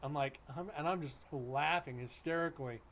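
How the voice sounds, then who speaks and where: Through his streaming setup mic, a livestream host chats casually and tells stories in a loose, joking, blunt manner. His voice is a little high and fairly bright, moving at a normal speed.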